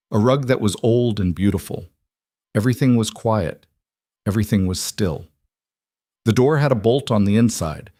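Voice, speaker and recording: A man reading a scripted story with a measured, even delivery. His voice sits on the low side. The recording is dry and close to the mic. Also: no room sound. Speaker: narrator.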